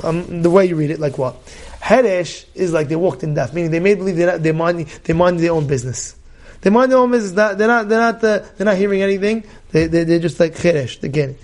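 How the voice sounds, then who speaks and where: Rabbi guy, pretty high voice, gets loud and emphatic, keeps asking questions. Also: fast talker. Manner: emphatic, animated, loud outbursts and rhetorical questions. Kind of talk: Torah class.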